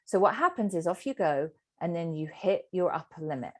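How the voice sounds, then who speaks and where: A woman's voice: lowish voice, a little fast. A middle-aged woman, a sobriety coach teaching a group session and acting out the inner voice. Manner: animated, acts out inner voices.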